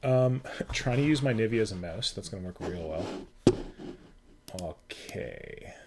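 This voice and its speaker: Casually hosting a livestream, a Canadian man with a lowish voice and lively intonation talks a little slowly. He chats with viewers and mutters while fiddling with settings, and the home recording is noisy.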